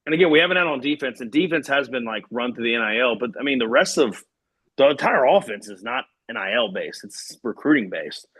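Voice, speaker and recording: Animated, ranting man with a husky voice. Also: medium pitch, brisk. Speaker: podcast co-host. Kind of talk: casual sports talk.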